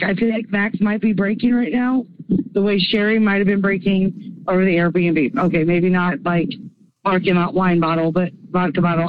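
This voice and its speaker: A woman's voice: mid-range voice, no room sound. Woman caller, rambling and giggly, muffled lo-fi phone sound. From small-town Illinois. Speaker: caller leaving a voice message. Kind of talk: chatty voicemail story.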